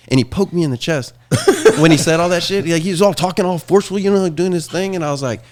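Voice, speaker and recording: A middle-aged man chatting casually as a podcast host, telling rowdy stories full of profanity and quick laughs. His voice sits a little high for a man. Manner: profane, animated storyteller, laughs often. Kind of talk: casual chat, storytelling.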